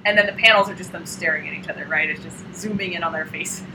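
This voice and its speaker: A woman's voice: fairly low pitch, fast talker, background noise. A woman in casual chat, retelling a comic with lots of fillers and acting out the characters' lines. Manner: animated storyteller acting out scenes. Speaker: co-host discussing a comic.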